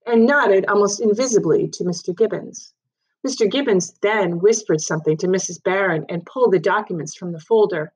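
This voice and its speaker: A woman reading a children's story aloud in an even, measured narration. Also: medium pitch, slightly rough, low-quality recording.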